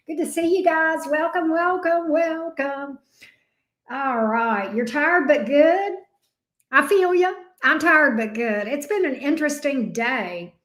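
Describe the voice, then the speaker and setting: A woman's voice: a little high, fairly bright tone. A middle-aged woman with a Southern US accent, chatting casually and greeting viewers by name as she hosts a live tarot stream. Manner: bubbly, greets viewers by name one after another.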